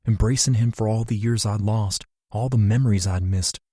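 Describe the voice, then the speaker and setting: A man reading first-person scripted narration in a measured, emotional way. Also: on the low side, mellow, breathy edge, no room sound, studio quality. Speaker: audiobook narrator.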